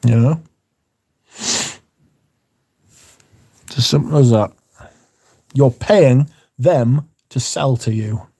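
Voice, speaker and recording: A man's voice: mid-range voice, extremely slow, vocal fry, long pauses, warm tone, breathy edge. A man hosting a livestream, chatting casually and reading out viewer comments in a rambling, plain-spoken way. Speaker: livestream host.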